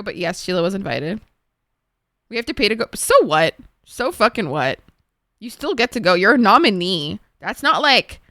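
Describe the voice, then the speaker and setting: A woman's voice: medium pitch, fairly bright tone, no room sound, studio quality. A young woman streamer chatting casually with her viewers, emotional and swearing freely. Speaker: live streamer.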